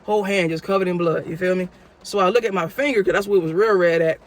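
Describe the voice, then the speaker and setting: A man's voice: sits high, fast talker. A man telling a casual story-time tale for his vlog in a slangy way, full of "you know what I'm saying.". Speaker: vlogger.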